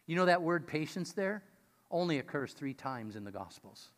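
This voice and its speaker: A man preaching a sermon, reading scripture and stressing key points with rising, animated emphasis. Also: fairly high pitch, normal speed. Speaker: pastor. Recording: long hall reverb.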